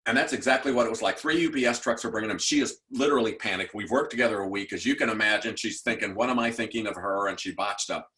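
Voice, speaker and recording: Man, 60s, education speaker; bright, pressing delivery, animated storyteller who questions the room. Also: lowish voice, quick pace, few pauses. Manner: animated storyteller who acts out quoted voices; direct, asks the audience questions. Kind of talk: motivational talk.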